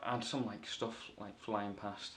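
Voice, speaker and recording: A man's voice: fairly low pitch, level tone, takes it slowly, very noisy. A man from the north of England giving a rambling, playful comic movie review full of self-corrections.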